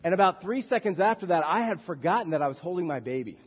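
A man preaching a sermon as a minister, swinging from soft, quiet passages to loud shouted bursts. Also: high voice, animated, fast talker, breathy edge, in a large hall, highs cut off. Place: church sanctuary.

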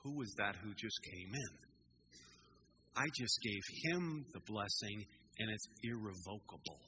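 A man voicing an old blind father, stern and deliberate as he speaks. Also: fairly high pitch, expressive, bright, forceful tone, slight background noise, rough recording. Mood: stunned.

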